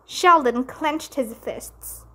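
A woman reading a children's chapter book aloud in a gentle, expressive way. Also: high-pitched, drawn-out words. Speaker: storybook reader.

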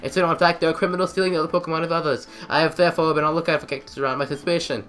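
Man putting on a pompous loud detective. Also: a little high, steady tone, rapid-fire, natural voice. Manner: grandiose, self-important. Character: bold theatrical male detective.

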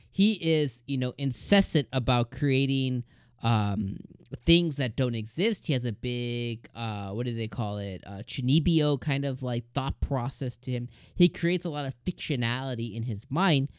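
A man hosting a casual anime episode review, talking in an excited, rambling way with plenty of fillers. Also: medium pitch, measured pace, clean tone, no echo, studio quality.

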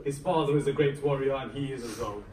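A man's voice: medium pitch, fast talker, darkish tone. A male preacher delivering a Muharram sermon, telling a story dramatically and voicing the figures in it with mounting emotion. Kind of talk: Muharram majlis sermon narration. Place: mosque hall. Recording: echoey hall, voice picked up from a distance.

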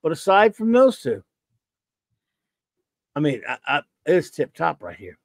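A man's voice: a little high, wildly swooping pitch, a little slow, no echo. A man hosting a live stream, rambling and joking as he greets viewers in the chat. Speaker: podcast host.

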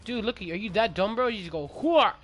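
A man streaming a shooter match, chatting excitably with a friend and exclaiming at the game. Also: high-pitched, fast talker. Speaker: gamer streaming his match. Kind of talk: casual gaming banter. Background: game music.

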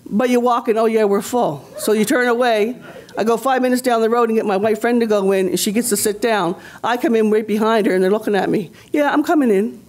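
A woman's voice: a little high, fairly even intonation, fast, a little mellow. Rousing woman speaker on a panel. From Nova Scotia, Canada. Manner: rousing, rhetorical, repeats phrases for emphasis. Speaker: community leader on a conference panel. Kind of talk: impassioned panel talk.

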